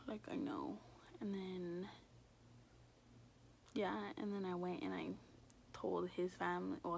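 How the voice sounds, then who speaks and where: A young woman vlogger casually telling a story at home, chatty and animated, full of fillers. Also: medium pitch, vocal fry, a little hiss or hum. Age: young adult.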